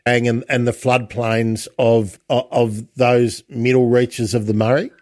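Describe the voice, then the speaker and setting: A man hosts a relaxed interview, chatting in a halting way full of restarts and repeated words. His voice sits in a middle pitch and sounds close and dry, with no room around it. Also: no echo. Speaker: podcast host. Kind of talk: casual interview.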